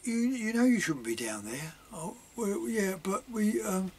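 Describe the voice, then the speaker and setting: A man's voice: high-pitched, lively intonation, measured pace, breathy edge, voice pushed up, full character voice. An older man quoting his stern, scolding mother within his story. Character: stern scolding mother, middle-aged woman.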